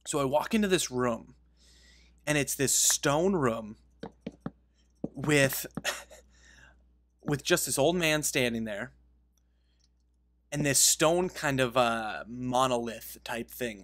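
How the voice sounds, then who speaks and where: A man's voice: mid-range voice, fairly bright tone. Rambling male gamer telling a story. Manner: rambling, self-interrupting, laughs at his own story. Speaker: game video creator. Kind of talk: casual gaming commentary with storytelling.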